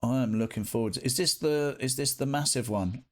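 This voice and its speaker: A man chatting casually with viewers on a live stream, playful and animated, breaking into sing-song greetings. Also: mid-range voice, a little fast.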